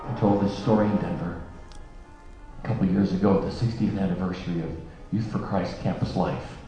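An earnest man tells a story in a sermon, his fairly low voice dropping to a hush at the most moving moments. The sound is dull and lo-fi, ringing around a big echoey hall. Music plays clearly behind him. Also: fairly even intonation, fairly quick. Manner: earnest storyteller, softening to a hush at emotional peaks. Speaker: speaker.

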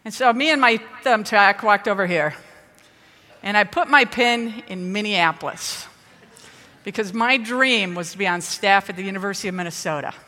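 A woman from the Midwest giving a lively storytelling talk to an audience. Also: medium pitch, normal speed. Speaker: speaker at a ministry event. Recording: reverberant hall.

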